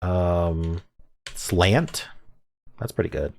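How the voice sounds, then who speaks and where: A man's voice: sits low, extremely slow, gravelly, darkish tone. A man hosting a word puzzle video, thinking aloud in casual commentary with muttered half-sentences. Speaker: word game video host.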